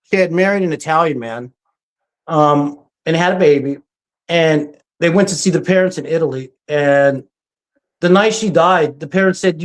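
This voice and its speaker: A presenter giving a casual, story-driven talk over slides, often pausing with "um" and acting out quoted speech. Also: mid-range voice. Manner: frequent ums and restarts.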